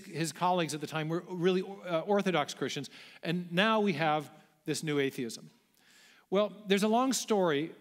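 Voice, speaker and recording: A man giving a public lecture to a large audience in a church auditorium, explaining in a conversational way with the odd light aside. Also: on the high side. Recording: echoey hall.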